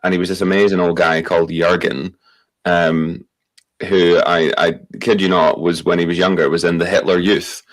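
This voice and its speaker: A man's voice: deep voice, level tone, moderate pace. A young Scottish man telling long rambling anecdotes in a casual podcast chat. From Scotland. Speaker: tour company owner.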